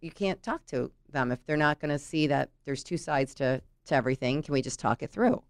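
A woman's voice: a bass voice, animated, fairly quick, no echo, studio quality. A middle-aged woman in casual conversation, talking through work stories and often checking in with "right?". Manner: chatty, tells anecdotes, frequent "you know" and "right?". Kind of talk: casual chat.

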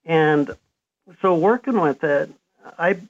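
Gravelly man telling his life story. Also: fairly high pitch, animated, slow pace. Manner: reflective, earnest storyteller. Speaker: interview guest, author. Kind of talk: storytelling interview answer. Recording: dull lo-fi sound.

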